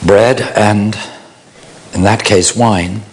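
A man preaching a sermon, slow and illustrative, acting out little mock quotes to make his point. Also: fairly low pitch, fairly even intonation.

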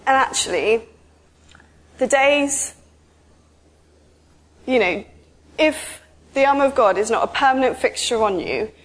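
A woman giving an informal, chatty sermon, telling stories with lively asides. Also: high-pitched, a little slow, pauses often. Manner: chatty, animated storytelling with asides. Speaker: preacher.

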